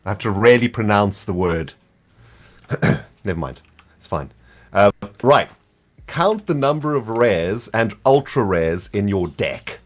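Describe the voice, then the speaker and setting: A man with a South African accent in casual chat, voice sitting low but swinging widely in pitch. He explains rules patiently, trailing off with fillers and laughing easily. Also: sing-song, slow pace. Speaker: guest player on a voice call.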